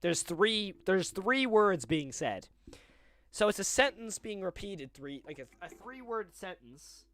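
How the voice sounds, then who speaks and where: A young man talking his way through a live stream in a chatty, rambling manner, quickly getting excited. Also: high-pitched, slight background noise.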